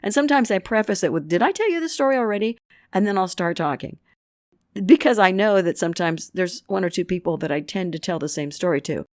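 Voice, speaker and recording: A middle-aged woman hosting a self-help podcast, talking casually and upbeat, acting out quoted self-talk with big swings in pitch. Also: a little fast, darkish tone, dry recording, studio quality. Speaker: podcast host.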